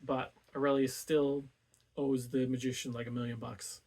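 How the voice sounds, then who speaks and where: A man's voice: medium pitch, little pitch movement, moderate pace, darkish tone. A man hosting a book club video, casually retelling a classic story in laid-back speech full of "like".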